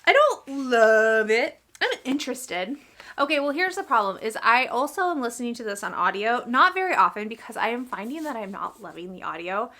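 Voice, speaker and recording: A woman's voice: a little high, sing-song, brisk, bright, forceful tone. A woman chatting casually in a reading vlog, rambling and chatty, often breaking off mid-thought. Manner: rambling, chatty, self-interrupting. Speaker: reading vlogger; teacher. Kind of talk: casual chat.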